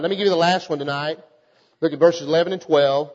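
A man preaches, sliding from relaxed folksy storytelling into fervent, emphatic calls to his congregation. His voice sits high for a man. The sound is muffled and rings through a reverberant church hall. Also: quick pace. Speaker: pastor. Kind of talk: sermon.

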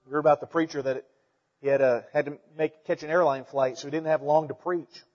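A man preaching a sermon as pastor, folksy and animated, asking his listeners rhetorical questions. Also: a little high, brisk, big-room sound, dull audio.

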